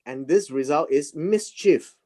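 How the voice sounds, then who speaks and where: A man teaching a Bible class. He talks in a slow, halting way and often repeats words and fillers as he reads verses and explains Hebrew words. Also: a little high, dark tone. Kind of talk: Bible study lecture.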